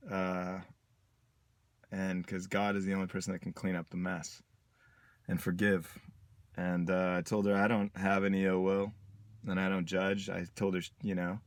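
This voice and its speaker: A man with a low, deep voice speaks in a personal video diary. His delivery is reflective and halting, broken up by pauses. The sound is dry and close, with no room around it. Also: completely flat delivery, no echo. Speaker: vlogger.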